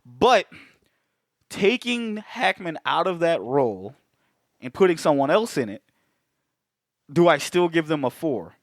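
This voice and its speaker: A man co-hosting a movie podcast, talking in a casual, profane, slangy way and getting animated as he tells stories. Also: a little high, unhurried, long pauses, no echo, clean studio sound. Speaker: podcast co-host.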